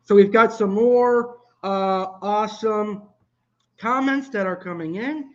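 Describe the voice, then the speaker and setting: Male cooking-stream host, high-pitched, easygoing chatter, muffled lo-fi sound. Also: takes it slowly. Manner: chatty, answers viewer comments. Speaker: live cooking show host. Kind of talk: casual live-stream chat.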